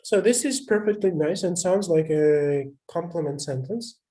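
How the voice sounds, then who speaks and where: A man's voice: a little high, normal speed, mellow. Hesitant man teaching over a video call. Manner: thinks aloud with frequent hesitations and restarts. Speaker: instructor. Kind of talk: live online lecture with screen sharing.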